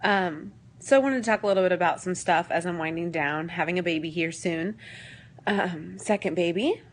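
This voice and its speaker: Woman, late 20s, lowish voice, emotional and halting, confessional vlog. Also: slight background noise. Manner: emotional, on the verge of tears, rambling with many fillers. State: teary. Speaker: vlogger.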